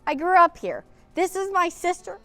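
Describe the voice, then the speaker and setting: A woman's voice: very high-pitched, big pitch swings, normal speed, pushed and bright, no room sound, soft background music. A middle-aged woman, hosting a casual vlog outdoors beside an old pool and talking indignantly to camera. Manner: indignant, emotional, ranting. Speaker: vlog host.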